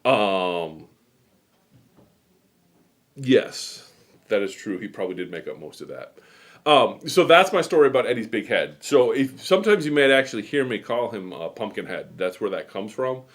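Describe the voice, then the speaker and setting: A low-voiced middle-aged man from New England rambles his way through a casual live show. He chats loosely and keeps drifting off into stories. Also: animated, normal speed. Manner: rambling, chatty storytelling. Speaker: host. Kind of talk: casual chat.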